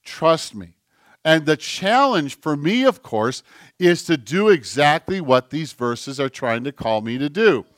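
A man's voice: fairly high pitch, very animated, a little slow, a bit bright, no room sound, clean studio sound. A man preaching a sermon as pastor, earnest, with a repetitive, building cadence.

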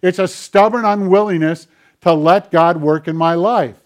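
A man's voice: high-pitched, normal speed. A man, a pastor, preaching a conversational sermon and acting out quoted dialogue as he goes. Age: older.

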